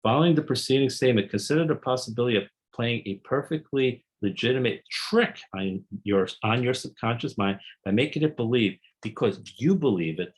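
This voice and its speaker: A man's voice: mid-range voice, animated, fairly quick, few pauses, low-quality recording. A man giving an earnest, explanatory summary of a self-help book, reading quotes aloud and then explaining them.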